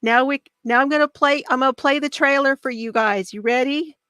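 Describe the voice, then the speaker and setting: A woman's voice: high voice, brisk, no echo. Bubbly woman hosting a crafting chat. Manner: bubbly and excitable, laughs often. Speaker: knitting video host.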